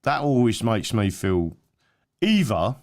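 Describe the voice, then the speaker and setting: A man's voice: lowish voice, very animated, slow pace. A man hosting his own channel, giving rambling, emphatic political commentary with many fillers and restarts. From England. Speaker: channel host.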